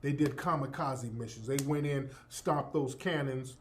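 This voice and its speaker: A man's voice: mid-range voice, measured pace, a little hiss or hum. A man giving an emphatic, profane, preacher-like monologue as a commentator. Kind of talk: impassioned monologue.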